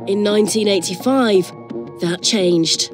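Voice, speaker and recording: A woman's voice: medium pitch, measured pace, music in the background. Woman narrating a documentary.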